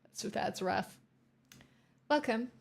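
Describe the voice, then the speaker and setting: A woman's voice: a little high, slow, creaky. A woman from the southeastern US hosting a livestream, chatting casually and teasing her viewers as she reads the chat. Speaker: livestream host.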